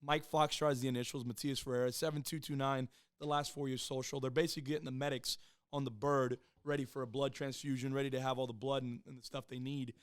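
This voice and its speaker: A man in his thirties, a podcast guest, telling his own story in a casual, profane, animated way and acting out the people he quotes. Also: medium pitch, quick pace, clean tone, no room sound, studio quality. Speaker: podcast guest, former Marine and police officer.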